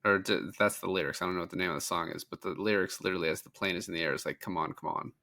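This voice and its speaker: A man's voice: low-pitched, very fast, sharp tone. A man co-hosting a film podcast, chatting casually and profanely as he retells scenes. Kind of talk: casual film review chat.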